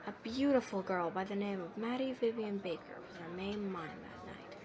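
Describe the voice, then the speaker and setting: A woman narrating a dark story, moving between hushed whispers and emphatic lines. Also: mid-range voice, normal speed, a crowd in the background.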